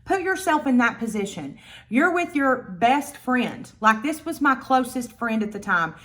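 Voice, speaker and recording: A woman telling a storytime vlog in a blunt, profane, animated way. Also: fairly high pitch, measured pace. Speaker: vlogger.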